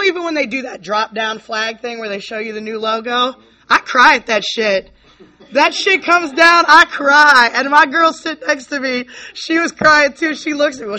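A woman's slightly high, bright voice carries a forceful tone as she shares her recovery candidly with a convention audience. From Virginia, she rambles with lots of "you know, like," moving from laughter to the edge of tears.

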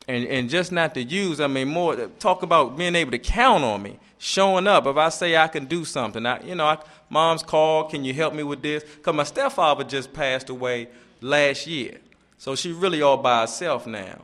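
A middle-aged man sharing his personal testimony at a recovery meeting, halting and earnest, often repeating words as he gathers his thoughts. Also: a little high, fairly bright tone.

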